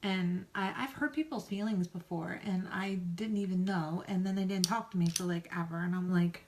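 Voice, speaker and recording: A woman's voice: on the low side, normal speed, a little hiss or hum. A woman chatting casually in a rambling, self-deprecating and folksy way while doing her makeup on camera. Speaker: makeup vlogger. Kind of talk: casual get-ready-with-me chat.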